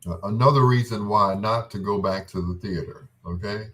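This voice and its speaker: A show host with a lowish, fairly bright voice tells comic stories at a normal speed in a rambling monologue. He laughs often and slips into different voices along the way.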